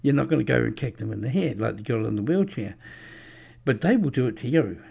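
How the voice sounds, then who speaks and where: A man's voice: mid-range voice, animated, fairly quick, darkish tone. A man giving a rambling, preachy religious monologue with anecdotes, many fillers and restarts. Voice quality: gravelly. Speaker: religious speaker.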